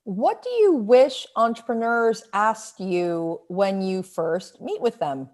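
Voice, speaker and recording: A woman's voice: mid-range voice, lively intonation, slow pace, a little mellow. A woman hosting a live stream interview, speaking energetically with emphatic phrasing. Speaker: host.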